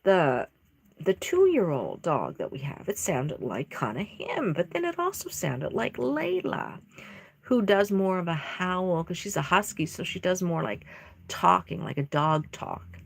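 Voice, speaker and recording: A fairly low-pitched woman whose voice swoops up and down with lively expression. She chats casually while working on a live stream and drifts into long, rambling stories. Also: measured pace, gravelly, breathy edge. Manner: rambling storyteller, chatty and expressive. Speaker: doll artist streaming live. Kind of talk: casual chat while painting.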